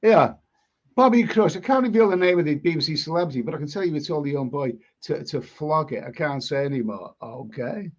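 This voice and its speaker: A man's voice: on the high side, lively intonation, fairly quick. A man from England hosting a casual live stream, reading chat comments aloud and giving blunt opinions, often repeating and restarting his words. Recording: dull lo-fi stream audio.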